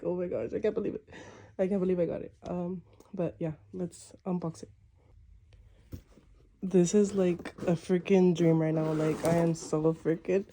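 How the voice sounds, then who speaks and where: Gushing young woman unboxing, very mellow. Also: on the low side. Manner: gushing, breathless, lots of "like" and "oh my gosh". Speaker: vlogger. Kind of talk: excited unboxing vlog.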